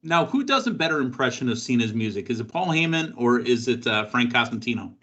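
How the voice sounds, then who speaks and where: Bright-voiced male podcast host. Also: mid-range voice, very animated, brisk, lo-fi sound. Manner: chatty, joking, with fillers. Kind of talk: casual wrestling chat.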